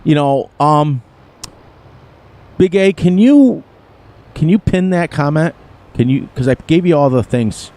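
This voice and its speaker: A man's voice: fairly high pitch, expressive, unhurried, long pauses, dark tone. Rambling middle-aged man streaming a game. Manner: rambling and chatty, with frequent chuckles and restarts. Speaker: gaming streamer. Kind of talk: casual live-stream chat while playing a farming game.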